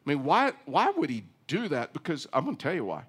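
A man's voice: fairly high pitch, wildly swooping pitch, a little fast, a bit bright, husky. A middle-aged man preaching a sermon in a conversational way, often repeating words and asking his listeners questions. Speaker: pastor.

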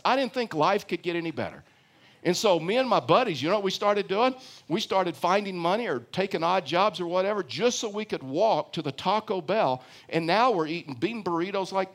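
Sitting high in pitch, the voice belongs to an older man preaching as pastor. He keeps the sermon conversational, asks his congregation questions, and repeats phrases to drive points home.

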